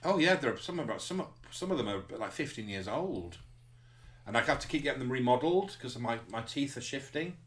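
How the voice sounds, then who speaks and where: A man's voice: mid-range voice, animated, fairly quick, fairly bright tone. A man co-hosting a live chat show, bantering in a playful, teasing way. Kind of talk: casual banter.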